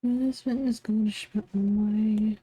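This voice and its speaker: A woman's voice: mid-range voice, steady tone, slow pace, mellow, slightly rough. A tired woman streaming live, mumbling to herself as she draws. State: tired, yawning. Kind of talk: casual live-stream commentary while drawing.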